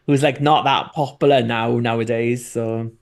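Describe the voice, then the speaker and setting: A man co-hosting a casual chat, telling rambling, animated stories with some swearing. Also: medium pitch, normal speed. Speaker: co-host.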